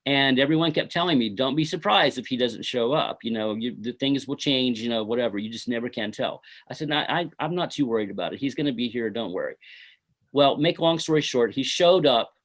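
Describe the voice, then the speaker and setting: A middle-aged man speaks in a relaxed, unhurried way as he is interviewed about his own film. He rambles through anecdotes and scatters fillers like "you know" and "uh" between his thoughts. His pitch sits at an ordinary middle level. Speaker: filmmaker being interviewed. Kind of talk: casual interview storytelling.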